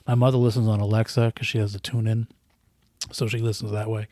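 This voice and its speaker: A man's voice: lowish voice, flat delivery, fast talker, mellow, dry recording, clean studio sound. A man chatting casually on a podcast, rambling with many restarts and repeated words. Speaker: podcast guest. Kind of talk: casual chat. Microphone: podcast microphone close up.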